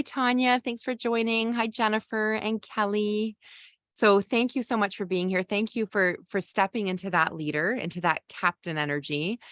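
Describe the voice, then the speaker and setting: A woman hosting a live-streamed summit, speaking straight to her viewers in an encouraging, coaching way. Her voice sits slightly low, and the sound is dry and close. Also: a bit bright, dry recording. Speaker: summit host.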